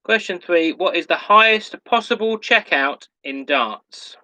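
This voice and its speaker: A quiz host with a bright, forceful, rather high voice reads his questions at an unhurried, careful pace. He repeats every question so players can keep up, and pokes fun at himself when a word trips him up. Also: lively intonation, poor audio. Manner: slow, deliberate, repeats each question; self-mocking when tongue-tied. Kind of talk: reading out pub quiz questions.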